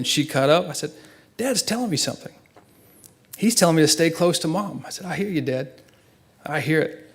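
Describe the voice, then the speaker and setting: Gravelly-voiced man giving an emotional eulogy. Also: fairly high pitch. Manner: earnest storytelling, voice swings between hushed and loud. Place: church.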